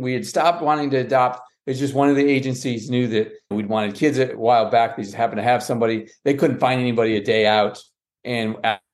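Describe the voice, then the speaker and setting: Man telling a family story, full of restarts. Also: mid-range voice. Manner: lively, quotes others with "she goes" and "I said"; frequent restarts and self-corrections. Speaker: guest, adoptive father. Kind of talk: storytelling in a podcast conversation.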